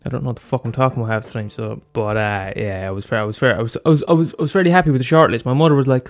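A man's voice: mid-range voice, very fast, few pauses. A man hosting a solo podcast, rambling casually with lots of swearing, fillers and restarts. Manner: loose and profane, many fillers and restarts. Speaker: podcast host.

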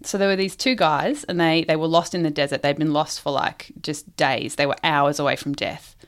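A woman's voice: low-pitched, fairly even intonation, normal speed. A woman casually telling a long shaggy dog joke, giggling often and rambling with ums and restarts. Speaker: joke teller.

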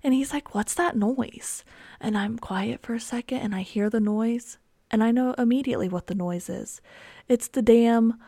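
A woman's voice: on the high side, moderate pace, dark tone, no echo, clean studio sound. A young woman hosting her own podcast, telling a story in a rambling way with lots of ums and likes. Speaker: podcast host. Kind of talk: casual solo storytelling.

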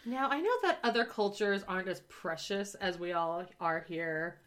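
A woman's voice: mid-range voice, normal speed, fairly bright tone. A woman co-hosting a podcast in casual chat, talking with lots of "like" and frequent laughs. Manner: chatty, laughs often, says "like" a lot. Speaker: podcast co-host.

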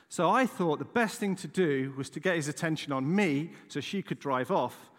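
A man's voice: a little high, expressive, normal speed. A middle-aged male pastor telling a story in a sermon, chatty and self-deprecating. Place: church. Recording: long reverb of a church hall.

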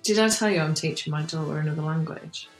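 A woman with a lowish voice co-hosts a casual podcast, talking in loose, rambling stretches. She mumbles her words a bit, laughs often and swears without a second thought, all over a faint bed of music. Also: fast, low-quality recording. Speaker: podcast co-host. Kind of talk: casual chat.

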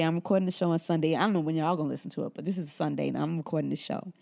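A woman's voice: sits low, racing, creaky, hardly any pauses. A woman from Brooklyn, a podcast host telling a faith story in a casual, preaching way and acting out the voices in it. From Brooklyn, New York. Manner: animated storyteller, acts out voices in quotes.

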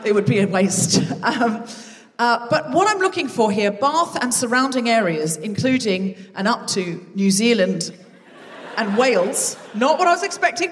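A woman hosting a live comedy podcast, chatting and teasing the audience from a theatre stage with quick asides. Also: fairly high pitch, fairly bright tone. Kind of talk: live stand-up crowd work. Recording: live theatre recording with long reverb.

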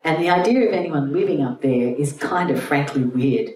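Low-voiced woman telling a myth to a group. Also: normal speed. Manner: chatty, irreverent, animated retelling. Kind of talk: storytelling lecture to a group. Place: room with an audience. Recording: roomy, distant mic, faint hum.

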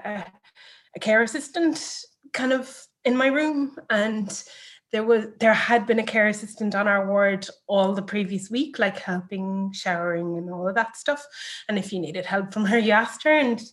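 Candid woman recounting a personal story. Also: medium pitch. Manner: candid, reflective, with many fillers and restarts. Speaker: interview guest.

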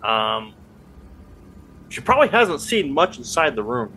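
A man's voice: mid-range voice, very animated, a little slow, bright, forceful tone, slight background noise. A man running a tabletop game as game master, thinking aloud with hesitant talk.

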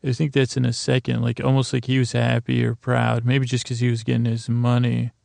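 Guy with a super gravelly voice rambling through a bedtime recap, dry close sound. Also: mid-range voice, monotone, brisk, a little mellow, no room sound. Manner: meandering, full of restarts and fillers. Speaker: podcast host.

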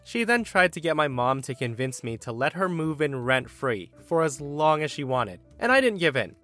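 A man reading online stories aloud in an animated, wry storytelling manner, adding his own comments. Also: fairly high pitch, normal speed, faint music behind. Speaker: story narrator.

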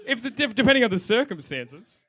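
A young man in casual podcast chat, giggly, tossing quick comic asides. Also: extremely high pitch, very animated, fairly bright tone.

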